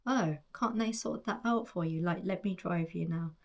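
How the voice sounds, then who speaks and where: A man's voice: high voice, normal speed. A woman voicing an eager middle-aged father who hurries to brush off problems, with a British accent.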